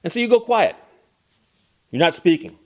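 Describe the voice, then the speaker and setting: A man's voice: high voice, very animated, moderate pace. A man giving casual, wry legal commentary and talking straight to the viewer in a conversational way.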